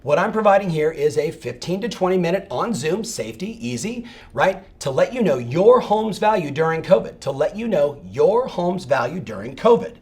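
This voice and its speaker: A middle-aged man giving an energetic coaching talk to real estate agents, emphatic and fired up, often checking in with "right?". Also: a little high, moderate pace, few pauses.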